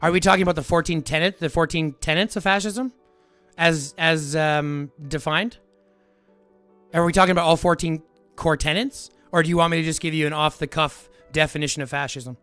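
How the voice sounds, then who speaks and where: A man's voice: on the high side, fairly even intonation, a little fast, a bit bright, clear, resonant tone, dry recording, faint music behind. A man arguing heatedly with his live-stream chat, lecturing and repeating his points. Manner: combative, lecturing, repeats himself.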